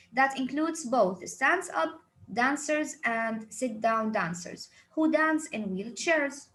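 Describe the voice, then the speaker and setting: High-voiced teacher. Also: female voice. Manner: animated, asks and answers her own questions. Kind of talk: classroom lesson.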